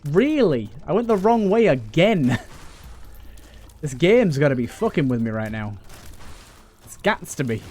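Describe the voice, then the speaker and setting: A man's voice: fairly high pitch, sing-song, unhurried, darkish tone, slight background noise. Joking young man grumbling at a game. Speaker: let's play gamer. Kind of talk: casual gameplay commentary.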